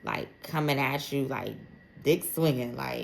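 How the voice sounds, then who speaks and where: A woman's voice: a bass voice, normal speed, creaky, slight background noise. A woman giving a casual, chatty tarot reading for zodiac signs, speaking straight to each sign with plenty of slang and "like" fillers. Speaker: tarot reader.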